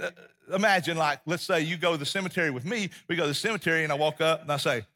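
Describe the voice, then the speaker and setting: Bright, husky-voiced preaching man. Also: fairly high pitch, very fast. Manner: animated storyteller, acts out scenes, drops to quiet intensity. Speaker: pastor. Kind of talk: sermon.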